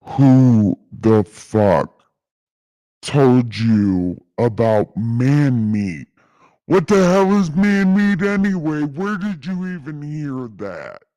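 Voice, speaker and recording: A man voicing God as a bossy, impatient gamer who calls out loudly and swears. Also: medium pitch, lively intonation, drawn-out words, no echo. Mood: suspicious. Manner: loud calling, swearing. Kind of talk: comic storytelling.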